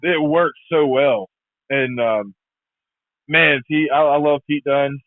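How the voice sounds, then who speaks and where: A man's voice: fairly high pitch, fairly even intonation, takes it slowly, no echo. Laid-back man on a tinny line. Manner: laid-back, says man and bro a lot, repeats words. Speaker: guest. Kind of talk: casual chat.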